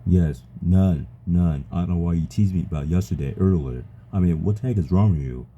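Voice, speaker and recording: A man talking casually to an AI chat companion, halting and stammering, often repeating his words. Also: low-pitched, warm tone, muffled recording, slight background noise. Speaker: user chatting with an AI.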